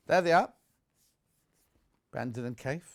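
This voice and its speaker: A man presenting on a live TV shopping show, chatty and excitable, jumping between asides. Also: mid-range voice, unhurried. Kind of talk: live TV sales chat. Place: TV studio.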